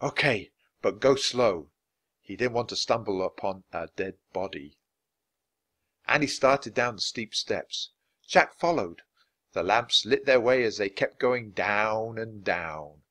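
Man, storybook narrator, lively animated pitch, expressive reading, clear pacing. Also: measured pace. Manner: expressive, voicing each character. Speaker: audiobook reader.

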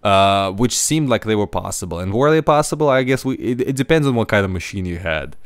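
A podcast host with a lowish, smooth, resonant voice chats casually and expressively, speaking in halting runs and restarting or repeating words as he searches for them. The recording is dry and close, with no room sound.

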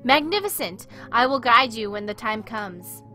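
A woman's voice: fairly high pitch, lively intonation, normal speed, pushed and bright, faint music behind. Woman voicing an eager, pompous game companion.

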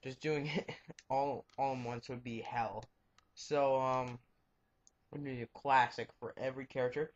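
A young man with a medium-pitched voice rambles frankly over his gameplay at a normal speed and in a steady tone, muttering reactions as he plays. It's a let's play captured on a dull, lo-fi home mic.

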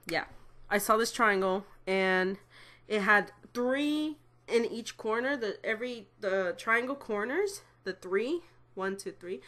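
A woman's voice: mid-range voice, fairly bright tone. A woman in her twenties rambling through a personal story to camera, swearing and correcting herself as she goes. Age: 20s. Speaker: vlogger. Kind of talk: casual storytelling.

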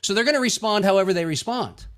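A man's voice: high-pitched, animated, fast, fairly bright tone. A male pastor preaching a sermon in a folksy, joking way, acting out everyday conversations.

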